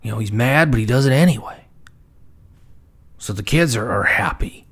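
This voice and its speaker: Husky-voiced man stammering through a comic review. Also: medium pitch, expressive, moderate pace, a bit bright. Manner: stammering repetitions, drops into whispered asides. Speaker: book reviewer. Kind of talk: comedic book commentary.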